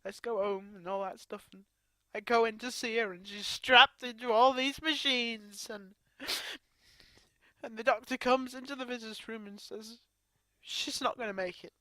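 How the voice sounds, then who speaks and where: A grieving woman talks to her camera while crying, her speech halting and breaking into restarts. Her voice sits a little high and sounds bright and tense. The sound is dry and close, with no room around it. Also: dry recording. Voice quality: halting, broken by sobs and restarts. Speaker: vlogger. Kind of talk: tearful personal vlog.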